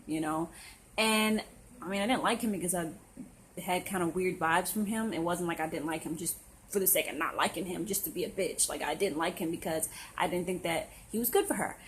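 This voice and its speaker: A woman's voice: on the low side, lively intonation, brisk, a little hiss or hum, rough recording. A young woman, talking to camera in a blunt, sassy, opinionated monologue. She often acts out the people she talks about. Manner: blunt and sassy, with voiced impressions of others. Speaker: astrology vlogger.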